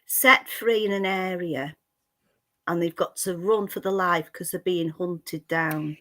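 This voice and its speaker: A woman's voice: fairly low pitch, unhurried, a bit bright. A woman co-hosting a podcast in casual chat, laughing often and spinning what-if scenarios. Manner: storytelling, laughing, hypothetical musings. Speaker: podcast co-host.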